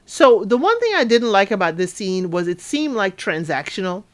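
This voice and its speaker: A woman giving a casual recap of a reality show, chatty and animated, acting out quotes with asides to listeners. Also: medium pitch, normal speed. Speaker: recap podcaster.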